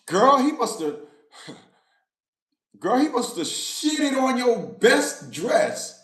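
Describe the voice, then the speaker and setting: A man voicing a sassy, scornful woman who is gossiping with a friend, in a high, mocking voice. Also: very animated, takes it slowly, a bit bright, distant mic, full character voice. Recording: roomy echo.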